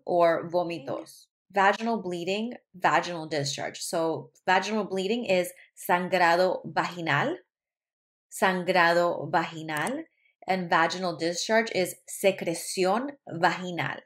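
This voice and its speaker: A woman from Colombia, a nurse practitioner, teaching medical Spanish vocabulary by saying each term slowly and repeating it. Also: fairly low pitch. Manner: slow, careful pronunciation with repetition. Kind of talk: vocabulary lesson.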